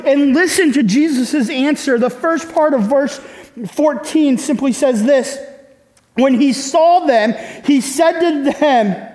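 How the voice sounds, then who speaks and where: Male pastor, very high voice, unhurried delivery, chatty preaching with rhetorical asides. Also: darkish tone, big-room sound. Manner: conversational preaching with rhetorical questions. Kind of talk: sermon.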